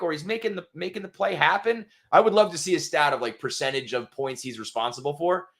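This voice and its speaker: A man co-hosting a sports podcast, animated and swearing freely. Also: on the high side, fast, few pauses. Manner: animated, swears freely, voices quotes loudly. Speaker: podcast co-host. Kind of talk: casual sports chat.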